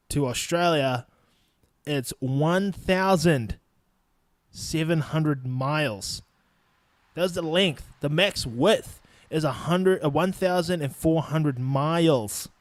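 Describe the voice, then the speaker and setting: A man's voice: fairly high pitch, no room sound. Profane New Zealand man ranting. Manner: blunt and profane, laughing between points. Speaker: podcast host. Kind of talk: casual solo podcast rant.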